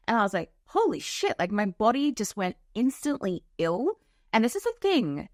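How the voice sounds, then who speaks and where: A woman's voice: medium pitch, no room sound, clean studio sound. A woman hosting a podcast as a spiritual coach, talking frankly in a casual monologue with a lot of swearing and filler words. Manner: frank and profane, lots of "like" fillers. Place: home office.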